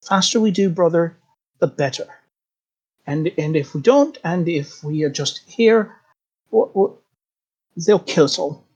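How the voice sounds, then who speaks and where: A game master voices a frightened, mousy figure who whispers in a raised, thin voice and stammers. The figure sounds timid and small. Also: male voice, a little high, a little slow, pauses often, breathy edge.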